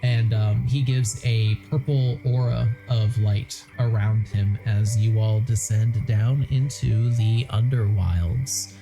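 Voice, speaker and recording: A woman narrating a tabletop game as game master, laid-back, with frequent pauses and laughs. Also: very deep voice, steady tone, music in the background, poor audio.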